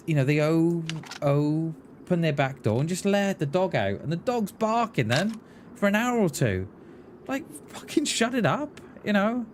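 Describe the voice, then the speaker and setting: A man's voice: sits high, darkish tone, a little hiss or hum. A man, ranting casually and bluntly while streaming a game. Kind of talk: casual chat while gaming.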